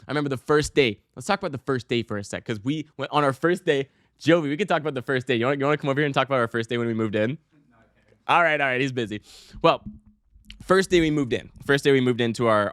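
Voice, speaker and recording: A young man hosting his own podcast, telling a rambling, self-mocking story in a casual, animated way with some swearing. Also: medium pitch, quick pace, no room sound, clean studio sound. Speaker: podcast host.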